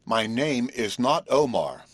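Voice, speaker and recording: A man reading the part of a formal, earnest young male prodigy who lectures and bristles, in a husky voice. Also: mid-range voice, big pitch swings, takes it slowly, no room sound. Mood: indignant.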